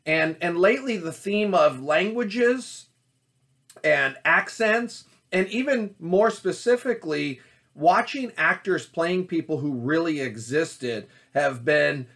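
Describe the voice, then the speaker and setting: A man's voice: a little high, expressive, slow pace, creaky, fairly bright tone. A man coaching actors in a solo talk to camera, earnest and repetitive, often restarting his phrases. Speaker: acting coach.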